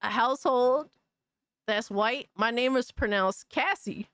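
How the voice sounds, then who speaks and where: Picture a woman streamer riffing on gaming news for her chat, cursing freely and breaking into laughter between thoughts. Her voice sits a bit high and sounds close and dry, with no room around it. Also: a little slow, fairly bright tone, dry recording. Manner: loose and profane, laughing often, calling people brother and dog. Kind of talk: casual live-stream chat reacting to news.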